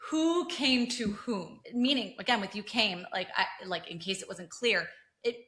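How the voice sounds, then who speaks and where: A woman's voice: medium pitch, measured pace, fairly bright tone, reverberant. A woman co-hosting a podcast, reflectively analyzing a TV scene in casual talk full of "like.". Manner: reflective, filler-heavy with frequent "like". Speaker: podcast co-host.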